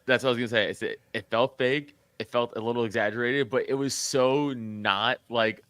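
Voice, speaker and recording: A man with a bright, forceful voice talks in loose podcast banter. He is crude and laughs a lot, stumbling and restarting as he goes. The sound is dry and close. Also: medium pitch, fairly even intonation, fairly quick, dry recording. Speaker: comedian guest.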